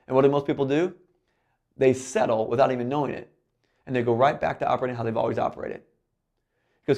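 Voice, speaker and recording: A man giving a motivational keynote talk, animated, often acting out quoted voices and his own self-talk. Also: fairly high pitch, rapid-fire. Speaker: keynote speaker.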